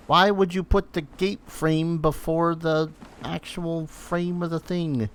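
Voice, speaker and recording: A man's voice: on the high side, a little slow, smooth. Man muttering along to his gameplay. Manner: muttering to himself while playing, self-teasing. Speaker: streamer. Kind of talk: casual gameplay commentary.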